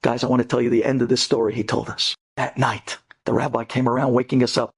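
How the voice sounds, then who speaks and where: A man, a rabbi telling an inspirational story, animated and swinging between hushed and soaring tones, with Hebrew terms mixed in. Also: medium pitch, fast talker, gravelly, breathy edge. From United States. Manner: sprinkles Hebrew terms into speech.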